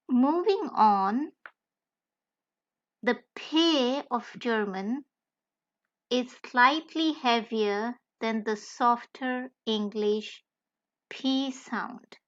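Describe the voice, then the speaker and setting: A woman narrates a beginner language lesson at a very slow, measured pace, spelling out letters with care. Her voice sits a little high. The recording is dull and lo-fi. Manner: careful, deliberate, spells out letters one by one. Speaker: language tutor. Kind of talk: slow scripted tutorial narration.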